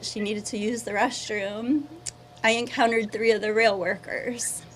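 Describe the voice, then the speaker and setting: A woman's voice: medium pitch, slight background noise. A woman, a local resident and small business owner, recounting her experience in a recorded interview with heartfelt emotion. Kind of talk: recorded personal testimony.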